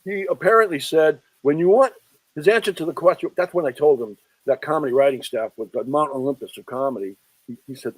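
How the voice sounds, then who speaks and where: Man, interview guest, chatty storyteller, fairly high voice, dry close sound. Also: brisk, slightly rough, dry recording, low-quality recording. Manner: chatty, animated storyteller who quotes people in lowered voices. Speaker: author and film historian guest.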